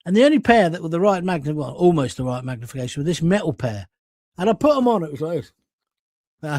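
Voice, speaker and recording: A man's voice: a little high, darkish tone, dry recording, studio quality. An older man hosting a live-stream chat show, telling rambling jokey anecdotes with self-mocking asides and reading out viewer comments.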